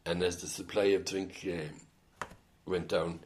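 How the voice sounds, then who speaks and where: A man's voice: sits low, steady tone, slow pace, a little mellow, slight background noise. An older man with an Irish accent telling rambling stories in an oral history interview, full of hesitant restarts. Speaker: interviewee, former band musician.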